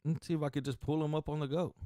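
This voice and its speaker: A man hosting a casual streamed show, talking excitably and crudely straight to his viewers. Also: fairly high pitch, racing, dry recording, studio quality. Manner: excitable, profane, addresses viewers directly. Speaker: stream host.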